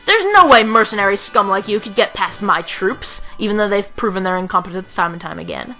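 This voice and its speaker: Woman voicing a female villain general, haughty, cruel, theatrical laughs, bright tone. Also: mid-range voice, brisk, faint music behind, natural voice, rough recording. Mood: scornful.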